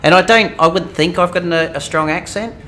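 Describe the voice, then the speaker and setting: A middle-aged Australian man hosting a game live stream, chatting casually with viewers and pausing often with ums. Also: high voice, sharp tone, slight background noise. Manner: hesitant, many ums, reads chat aloud.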